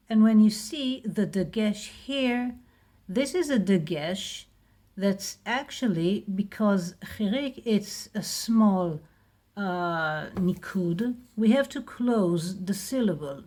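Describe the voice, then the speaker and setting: A woman's voice: mid-range voice, dark tone. A woman with an Israeli accent teaching a lesson, patiently repeating each word. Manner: patient, repeats words slowly. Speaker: Hebrew teacher. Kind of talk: slow spoken lesson.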